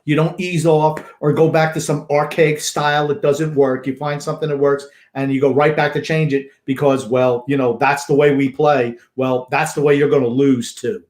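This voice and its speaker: A man co-hosting a sports podcast, gruff and sarcastic in casual chat. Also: on the high side, flat delivery, normal speed, hardly any pauses, darkish tone, echoey room. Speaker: podcast co-host.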